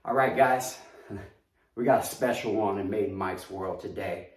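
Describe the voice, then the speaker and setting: Male host with a New York accent, low voice, unhurried delivery, chatty unboxing patter, recorded off-mic in an echoey room. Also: distant mic. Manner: chatty, hypes his reveals, talks straight to viewers. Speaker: collectibles reviewer. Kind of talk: casual unboxing video.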